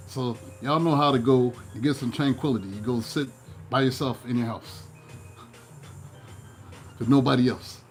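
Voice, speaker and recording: A man giving a casual tarot reading, playful and animated, breaking into joking mock voices. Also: mid-range voice. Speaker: tarot reader.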